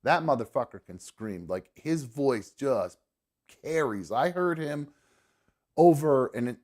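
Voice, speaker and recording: A young man hosting a live podcast, telling a long story in loose, profane chat. He gets animated and loud when he acts out what other people said, then drops back to an easy, mid-pitched voice. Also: unhurried. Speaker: podcast host. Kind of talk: casual storytelling.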